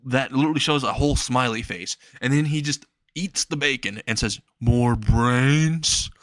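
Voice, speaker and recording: A man's voice: medium pitch, fairly quick, fairly bright tone, no echo, clean studio sound. A young man improvising a fan story aloud, rambling and restarting often, sometimes laughing at his own story.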